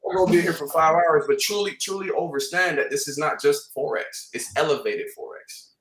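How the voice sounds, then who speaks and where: A man from Canada talking casually on a trading livestream panel, animated and slangy, repeating points for emphasis. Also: on the high side, brisk, roomy sound, distant mic.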